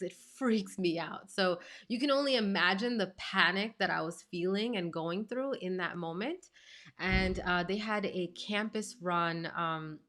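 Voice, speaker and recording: A woman in her thirties, a life coach, telling a personal story to camera in a chatty, emphatic way with lots of "like" and "you know". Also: medium pitch. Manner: expressive, emphatic retelling.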